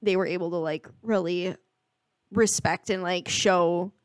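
A woman's voice: lowish voice, fairly even intonation, unhurried, clear, resonant tone, no room sound. A woman co-hosting a podcast in casual chat, sharing thoughtful opinions. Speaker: podcast co-host.

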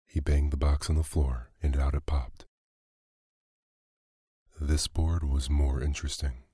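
Deep husky guy reading a bedtime story, calm and unhurried, dark dry sound. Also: no echo. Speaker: narrator.

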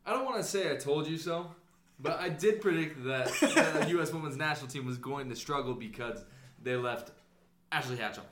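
A man's voice: fairly high pitch, a little fast, a bit bright, slight background noise. Joking podcast co-host man, echoey room. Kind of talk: casual sports podcast chat.

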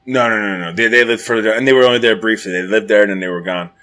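A man telling a story in a casual, profane, rambling chat, growing loud and animated at the dramatic moments. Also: lowish voice, very fast.

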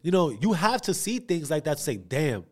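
A man's voice: fairly high pitch, sing-song, moderate pace. A man co-hosting a podcast in casual chat, talking emphatically and swearing freely, often checking "you understand?". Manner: emphatic, profane, keeps asking "you understand?". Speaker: podcast co-host.

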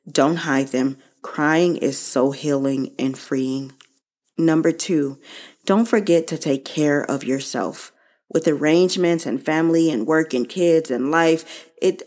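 A woman hosting her own show, speaking slowly and earnestly to listeners about losing her mother and how to grieve. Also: sits low, darkish tone. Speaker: podcast host. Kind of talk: personal reflective monologue.

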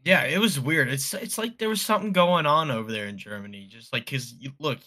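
A man's voice: medium pitch, lively intonation, fairly quick, sharp tone. A man co-hosting a casual sports podcast, chiming in with short, blunt remarks. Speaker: podcast co-host.

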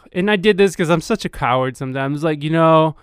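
A man's voice: fairly high pitch, normal speed, clean tone, no echo, clean studio sound. A man telling a casual anecdote in a rambling, profane way, full of fillers.

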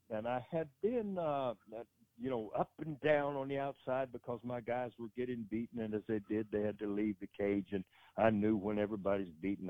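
A man's voice: on the low side, dry recording. Older man telling stories over a phone line. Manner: rambling anecdote with many restarts. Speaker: wrestling manager guest. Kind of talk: casual storytelling.

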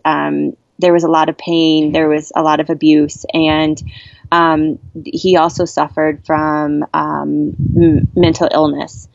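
At a camp, a woman of about forty shares a personal story as an interviewee, earnest and heartfelt, halting often to restart and search for words. Her voice sits fairly low. The recording is dry and echo-free with no room sound, and its tone is dull and muffled, lo-fi.

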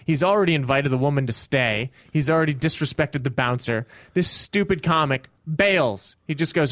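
Male comic, fairly high voice, animated storyteller, dry studio sound. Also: moderate pace, few pauses, no echo. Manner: animated, acts out people in the story with sudden high shouts. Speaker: stand-up comic telling a story. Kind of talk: casual podcast storytelling.

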